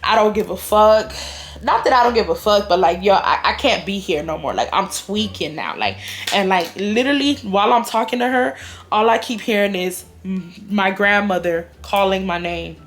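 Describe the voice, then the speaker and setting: A woman's voice: mid-range voice, normal speed. Slangy young woman telling a storytime. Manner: animated, slangy storytelling with voiced quotes. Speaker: vlogger. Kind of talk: casual storytime.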